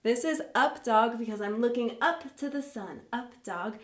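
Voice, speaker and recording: A woman leading a live online yoga class for kids, gentle, encouraging and playful as she talks through each pose. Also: a little high, expressive, normal speed, reverberant. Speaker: yoga teacher for children.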